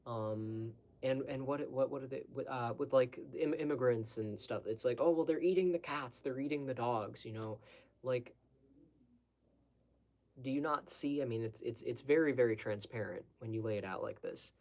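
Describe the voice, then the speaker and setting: Answering audience questions, a man delivers an unscripted monologue, bluntly lecturing his viewers and urging them to think for themselves. His medium-pitched voice is a little mellow and runs at normal speed.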